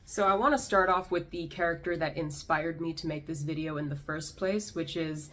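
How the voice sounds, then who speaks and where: A woman's voice: deep voice, moderate pace, a bit bright, a little hiss or hum. A young woman hosting a commentary vlog, delivering an exasperated, sarcastic rant. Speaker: YouTube commentator.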